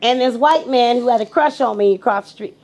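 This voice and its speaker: A middle-aged woman, a podcast guest, tells her story casually and profanely in a fairly quick, slightly high voice. She's animated and acts out the voices of the people involved.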